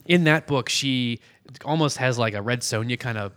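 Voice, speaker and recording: A man's voice: mid-range voice, moderate pace, fairly bright tone. Chatty man recapping a comic. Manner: rambling, lots of fillers, acts out quotes. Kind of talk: casual chat recapping a comic.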